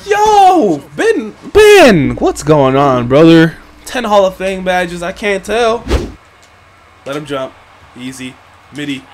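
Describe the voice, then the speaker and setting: A young man commentating his own basketball video game play, swinging between frustrated grumbling and excited outbursts. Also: high-pitched, slow pace. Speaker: gaming YouTuber. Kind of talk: live gameplay commentary.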